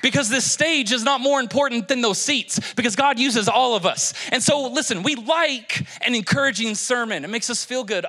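A man from Kentucky preaching a lively, joking sermon to a church congregation on a handheld mic. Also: very high voice, moderate pace, hardly any pauses. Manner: energetic, joking, exhorting congregation. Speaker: pastor. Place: church stage.

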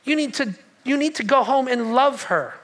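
A man's voice: very high-pitched, animated, normal speed, fairly bright tone. A man voicing Jesus as a patient, insistent counselor who keeps repeating himself, in a sermon in a church. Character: Jesus, calm man gently correcting a couple.

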